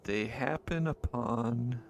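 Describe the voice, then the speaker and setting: A man's voice: mid-range voice, slow pace, creaky, slight background noise. A man running a tabletop game, narrating casually and rambling with lots of fillers and restarts. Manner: mutters to himself while searching notes. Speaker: game master.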